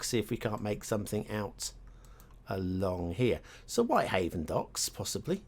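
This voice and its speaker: Slow, musing man thinking aloud. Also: mid-range voice, darkish tone. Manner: musing, hesitant, talks to himself. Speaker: game streamer. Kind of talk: thinking aloud while playing.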